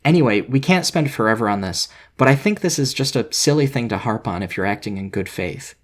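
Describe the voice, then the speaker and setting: A man narrating a scripted video essay in a measured, analytical way. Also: medium pitch, lively intonation.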